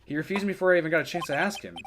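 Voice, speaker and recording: A man's voice: on the high side, very fast, noisy background, close to an everyday voice. A man voicing an earnest young male defense attorney from a game, in a plain, lightly exasperated read. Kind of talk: reading game dialogue aloud.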